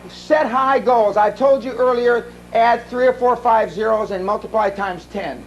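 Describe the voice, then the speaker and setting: High-voiced guy ranting at a business seminar, swears a lot, bit of hiss behind. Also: fairly even intonation, moderate pace, dull audio. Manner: blunt, profane storytelling with many restarts. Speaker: seminar speaker. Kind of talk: live seminar talk. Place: seminar room.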